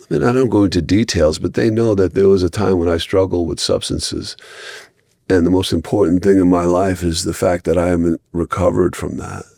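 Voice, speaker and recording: A middle-aged man with a very low voice tells stories as a podcast guest. He rambles, restarts his sentences and acts out the people he quotes. He is recorded close and dry on a podcast mic. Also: creaky, a little mellow, no echo. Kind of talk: casual podcast storytelling.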